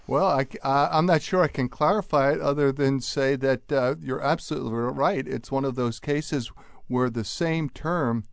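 A man who is a linguist, a radio guest explaining things in an animated way with quick restarts. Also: medium pitch, vocal fry, no room sound, studio quality.

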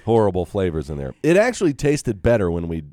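A man co-hosting a comedic wine radio show, teasing and deadpan. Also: sits low, quick pace, no echo, clean studio sound. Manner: jokey, teasing, deadpan asides.

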